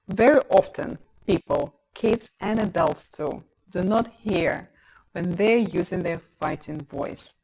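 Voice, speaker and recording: A woman narrates a parenting course in a calm, explanatory way, and her voice sits in an ordinary middle range. She leans on key points for emphasis. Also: medium pitch, poor audio. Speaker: parenting instructor.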